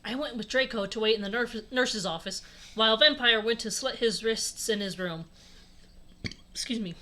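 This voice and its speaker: Casting: young woman, comedic read-aloud host, slightly high, bright tone. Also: normal speed. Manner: sarcastic, laughing asides between read lines. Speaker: host reading a fan fiction aloud.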